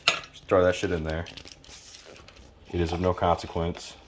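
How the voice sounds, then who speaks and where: A laid-back man from Louisiana walks through a recipe in his home kitchen, swearing freely and tossing in jokes. His voice sits very low. Frying food crackles loudly under everything he says. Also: flat delivery, moderate pace. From Louisiana, USA. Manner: laid-back, profane, joking asides. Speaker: home cook. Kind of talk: casual cooking tutorial. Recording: noisy kitchen with frying sizzle. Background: food sizzling in a pan.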